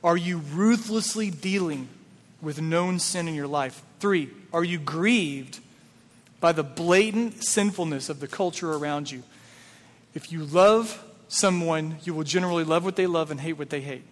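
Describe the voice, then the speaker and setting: A man with a fairly high voice preaches in a church sanctuary and keeps throwing rhetorical questions at the congregation. His speech stays casual and conversational. A long reverb from the hall follows every line. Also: unhurried. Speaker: pastor. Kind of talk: sermon.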